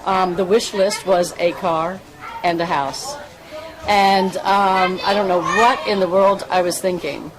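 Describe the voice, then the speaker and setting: A woman volunteer giving a heartfelt, halting speech at a public event. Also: mid-range voice, steady tone, rough recording. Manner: earnest, halting, emotional. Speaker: volunteer fundraiser. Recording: crowd noise behind.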